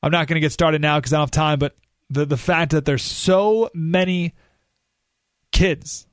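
A man's voice: a little high, normal speed, no room sound. A man hosting a political talk radio show, delivering an emphatic, ranting monologue with sarcastic asides from a studio. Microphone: studio microphone.

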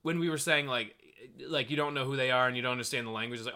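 A man's voice: medium pitch, racing, sharp tone. A young man co-hosting a podcast in casual chat, animatedly acting out quotes from characters. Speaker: podcast co-host.

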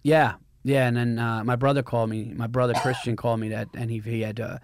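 A man talking fast and loose, piling on clauses and restarts as he tells a story. His voice sits in a middle pitch, and the sound is dry and close to the mic. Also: level tone, no room sound. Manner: quick, swearing, storytelling with restarts. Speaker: podcast host. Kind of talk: casual chat.

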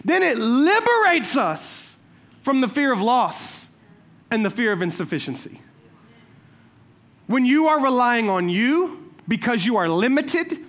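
Pastor guy w a high voice preaching, chatty and funny, keeps saying watch this. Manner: animated, conversational, humorous storytelling; repeats "watch this" to cue points. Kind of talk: sermon with personal stories.

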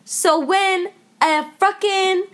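Exasperated high-voiced woman ranting slowly. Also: steady tone. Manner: ranting, exasperated, swearing, sarcastic retelling. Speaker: podcast co-host. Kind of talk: casual movie review chat.

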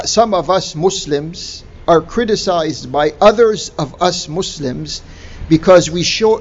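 A man preaching a sermon in a slow, deliberate way, stressing key words with emphatic rises. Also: fairly high pitch. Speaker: Islamic preacher. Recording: dull lo-fi recording with faint noise.

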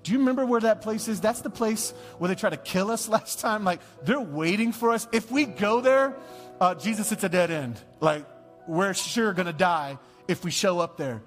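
A preacher doing panicky disciples. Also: male voice, sits high, moderate pace, big-room sound, faint music behind, close to an everyday voice. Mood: alarmed. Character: anxious group of male disciples, fearful and protesting.

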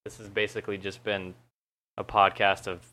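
A man's voice: on the low side, little pitch movement, normal speed, pushed and bright. A young man chatting casually on a podcast, laid-back and swearing often, laughing at himself. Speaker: YouTuber and podcast guest.

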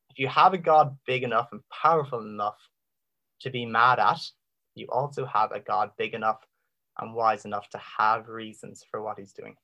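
A man giving an impassioned Christian apologetics talk, full of rhetorical questions and dramatic pauses. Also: on the low side, steady tone, creaky, bright, forceful tone, highs cut off. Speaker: Christian speaker.

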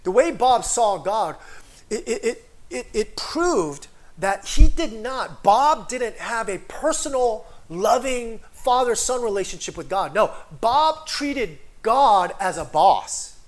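A man with a notably high voice delivers a sermon in a loose, conversational way. He keeps checking in with the listeners and builds toward emphatic declarations. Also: big pitch swings, slow pace. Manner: conversational, frequent "right?" tags, rising to emphatic declarations. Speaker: preacher.

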